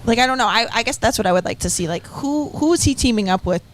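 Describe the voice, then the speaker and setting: A woman's voice: on the high side, lively intonation, fast. A woman panelist in casual chat, hesitant and full of fillers.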